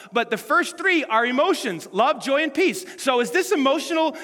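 A man preaching a sermon as pastor, animated and full of rhetorical questions to the congregation. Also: very high-pitched, long reverb tail.

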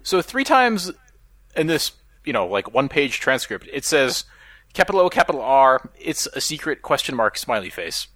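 A man's voice: mid-range voice, big pitch swings, sharp tone, dry recording. A man co-hosting a podcast in casual chat, wry and joking. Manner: wry, joking, quick asides. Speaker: podcast co-host.

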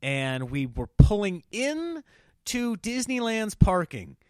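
Animated man telling stories on a podcast. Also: high voice, takes it slowly, clean tone, dry recording, studio quality. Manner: animated storytelling, jumps into exaggerated voices for quoted people. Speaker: comedian podcast host. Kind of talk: casual solo podcast chat.

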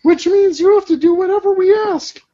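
A man's voice: moderate pace, warm tone. A man voicing a competitive, defiant teenage girl at a script table read. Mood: pushy. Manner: pushy, teasing, falsetto. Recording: lo-fi recording.

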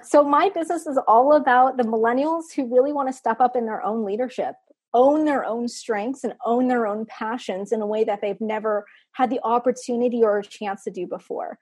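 Woman, from Texas, podcast guest, husky, fairly high voice, earnest, reflective. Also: brisk, a little mellow. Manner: earnest and reflective, laughs at herself. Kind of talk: heartfelt interview talk.

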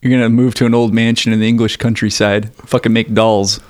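A man's voice: on the low side, flat delivery, a little fast, a little mellow, no room sound. A man co-hosting a casual podcast, joking and sarcastic, swearing and laughing often. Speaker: podcast co-host. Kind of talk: casual podcast chat about a horror film.

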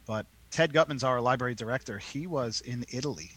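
Guy librarian telling a story, mid pitch, lots of um and you know. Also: brisk, low-quality recording. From New York. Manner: animated storyteller, lots of fillers. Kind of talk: casual chat, telling a story.

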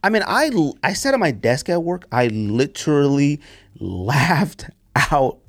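On a casual sneaker podcast, a male host goes on a sarcastic, animated rant at a measured pace, his pitch leaping high whenever he stresses a point. The sound is close and dry, with no room echo.

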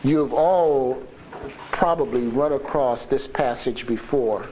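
A man giving a conversational sermon at a conference, earnest and emphatic, swinging between loud and soft. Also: mid-range voice, slow. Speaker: conference speaker on evangelism. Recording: dull lo-fi recording with faint hiss.

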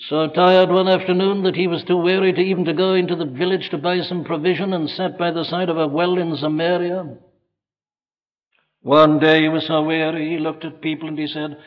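A fervent male preacher with a fairly high voice, rising to loud appeals and dropping to near whispers on old-fashioned scripture. His sermon rings through a large hall with long reverb. The recording is dull and lo-fi, like an old tape. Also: fairly even intonation, a little fast. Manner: dramatic swings from loud exhortation to hushed quotes.

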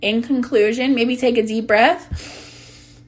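A woman's voice: on the high side, steady tone, takes it slowly. A young woman vlogger and business coach chatting casually, bubbly, swearing freely and laughing often. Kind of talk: casual chat. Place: sitting on a closet floor.

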